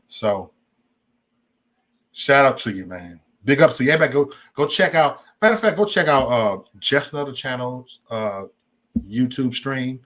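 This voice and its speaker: A man's voice: medium pitch, expressive, normal speed, a bit bright. A man hosting a casual livestream, talking straight to his chat in a loose, rambling and profane way. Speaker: livestream host.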